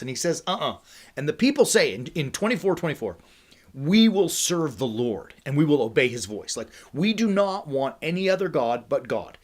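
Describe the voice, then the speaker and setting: A man in the middle of his own ministry livestream, explaining scripture in a loose, conversational teaching style. He speaks with plenty of energy and keeps checking in with his listeners. His pitch sits in an ordinary middle range for a man. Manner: energetic, conversational, with frequent "right?" asides. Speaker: host of a faith ministry livestream. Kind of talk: casual teaching talk.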